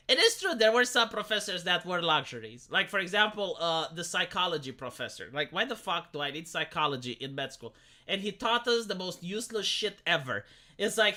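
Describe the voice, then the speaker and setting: A woman's voice: lowish voice, big pitch swings, a little fast, sharp tone. A young woman streamer ranting in casual chat, profane and exasperated, rambling with frequent restarts. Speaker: live streamer.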